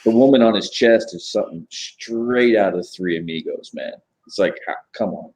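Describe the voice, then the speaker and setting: A man's voice: fairly low pitch, normal speed, few pauses, a little mellow. A man in casual stream chat, talking in rambling, filler-heavy runs and swearing freely. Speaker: tattoo artist on a live chat stream.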